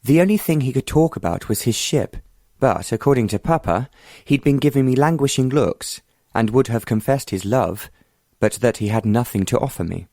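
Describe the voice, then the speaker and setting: A man voicing a bold, determined young woman who speaks frankly and confidingly, in a mid-pitched voice with little room sound. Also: expressive, normal speed, mellow, no room sound, clean studio sound, natural voice.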